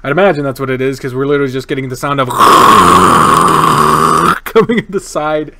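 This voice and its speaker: A man's voice: medium pitch, very fast, heavy background noise. A man streaming a game, chatting casually and reading its lines aloud, joking, laughing often and swearing now and then. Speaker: let's play streamer. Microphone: desk microphone, wearing one earbud.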